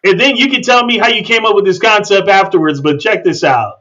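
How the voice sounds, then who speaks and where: A man's voice: high voice, a little fast, fairly bright tone, dull audio. A man hosting a podcast, chatting casually and emphatically with his guest. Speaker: podcast host. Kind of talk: casual interview chat.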